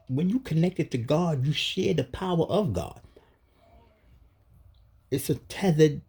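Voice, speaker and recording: A man vlogging in a casual, emphatic rant full of street slang, with a husky voice. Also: a little high, a little mellow. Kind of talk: casual monologue.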